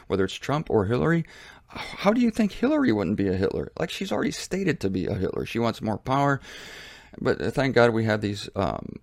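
Guy doing his own show from a laundry room, gravelly voice, dry close sound, emphatic and repetitive. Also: no echo. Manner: emphatic, repetitive, swings to high pitch on mocking lines. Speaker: show host. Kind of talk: casual opinion monologue.

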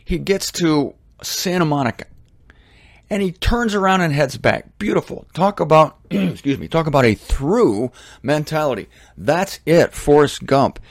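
Rambling, animated man in a dry studio. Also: a little high, unhurried, no echo. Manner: rambling, animated, self-deprecating. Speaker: host of a religious talk series. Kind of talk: casual monologue. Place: home studio. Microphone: studio microphone.

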